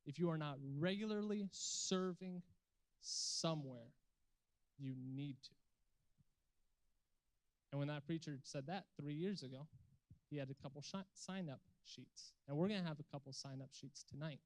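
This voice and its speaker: A man's voice: on the high side, moderate pace, pauses often, poor audio. A young adult man giving an earnest, emphatic sermon to a youth group, ending with a call to pray and commit. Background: instrumental music.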